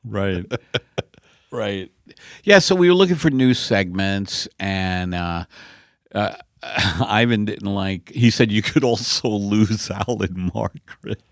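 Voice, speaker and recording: A man's voice: lowish voice, slow pace, no echo, clean studio sound. A man hosting a comedic podcast who laughs often and swings between mutters and outbursts. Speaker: podcast host. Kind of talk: comedic podcast chat and mock guided meditation. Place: podcast studio.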